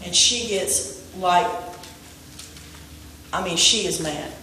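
A woman preaching a sermon to her congregation, animated and asking them questions. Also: fairly low pitch, slow pace, slight background noise. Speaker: pastor. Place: church sanctuary. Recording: echoey room, voice from a distance.

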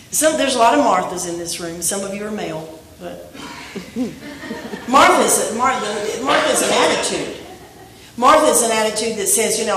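Animated woman preaching in an echoey church. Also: mid-range voice, moderate pace, a little hiss or hum. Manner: animated, preachy, asks the congregation questions. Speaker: pastor. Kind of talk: sermon. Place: church sanctuary. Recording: echoey room, voice from a distance.

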